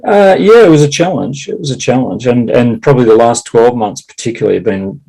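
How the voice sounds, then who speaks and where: A man talking in a casual conversation, halting with many restarts and laughing often. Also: mid-range voice, lively intonation, vocal fry, warm tone, poor audio. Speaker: guest.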